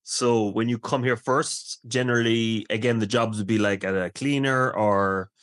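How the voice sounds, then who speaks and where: A man with a Cork Irish accent, an English teacher chatting casually in a measured way with frequent ums. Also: on the low side, fairly even intonation, a bit bright, smooth, no echo. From Ireland. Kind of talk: casual conversation.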